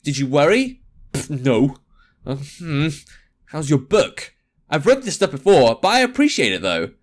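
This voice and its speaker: Lively young man reading a game aloud. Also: a little high, moderate pace. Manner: jokey, sarcastic asides. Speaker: gaming video host. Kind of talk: reading a visual novel aloud with commentary.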